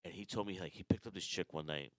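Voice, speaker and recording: A man from New York co-hosting a podcast, telling profane, animated stories with bursts of laughter. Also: low-pitched, fast, no echo. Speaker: podcast co-host. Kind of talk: crude casual storytelling.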